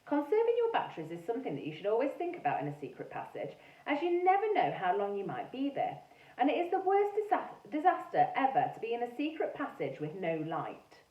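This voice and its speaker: A woman teacher reading a storybook aloud in a lively, animated way. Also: a little high, brisk. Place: classroom or school room. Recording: echoey room, mic far off, dull sound.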